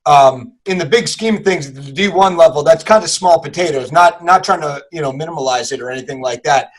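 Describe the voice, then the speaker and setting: A man's voice: fairly high pitch, a little fast, rough recording. A man hosting a podcast, asking long hedged questions with restarts. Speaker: podcast co-host, interviewer. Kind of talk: interview questions.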